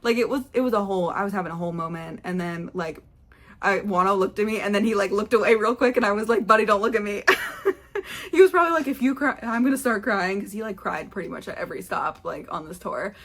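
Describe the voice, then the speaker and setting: A young woman recaps a concert for her vlog in a chatty, rambling way. She fills her sentences with fillers and quotes herself, and her voice sits at a middle pitch. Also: quick pace. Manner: rambling, excitable, lots of fillers and self-quotes. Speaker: vlogger.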